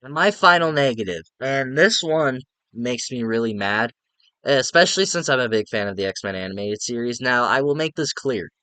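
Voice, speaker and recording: Young man, casual movie review rant, exasperated, profane, mid pitch, dry close sound. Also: lively intonation, normal speed, pushed and bright, smooth, no echo. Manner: profane, exasperated, rambling with lots of "like".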